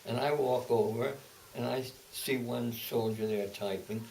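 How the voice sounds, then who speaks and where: A man's voice: mid-range voice, fairly even intonation, darkish tone. Elderly man telling war stories, distant mic. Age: 80s. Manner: halting, repeats words and restarts, then speeds up. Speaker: interviewee, veteran. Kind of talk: oral-history storytelling. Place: home, indoors. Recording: distant mic with faint hiss.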